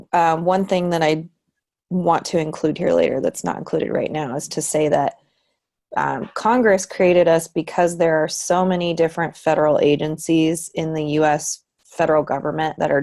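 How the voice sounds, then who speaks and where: A woman giving a relaxed online tutorial presentation, with frequent ums. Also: deep voice, normal speed, creaky. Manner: relaxed, many ums, light laughs. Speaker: presenter for a research committee.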